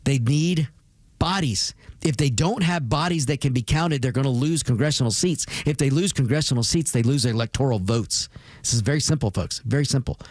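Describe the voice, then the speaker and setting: A man's voice: medium pitch, fairly quick, no echo. A male radio host drives through an emphatic political monologue, circling back to repeat his points and calling out to his listeners. The sound is close and dry, with no room around it. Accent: Spanish-rolled R's on Latin words. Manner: emphatic, repetitive, addresses listeners as folks. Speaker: radio talk show host.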